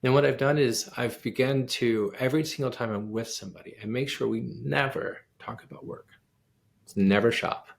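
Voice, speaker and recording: Gravelly-voiced man telling an animated story. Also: medium pitch, moderate pace. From United States. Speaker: guest pianist and composer. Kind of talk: storytelling in a casual interview.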